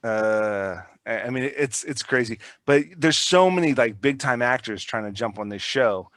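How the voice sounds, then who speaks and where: A man's voice: medium pitch, moderate pace, a bit bright, dry recording. Man, podcast co-host, rambly and profane, dry close mic. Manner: rambling, swears a lot, many restarts. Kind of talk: casual chat.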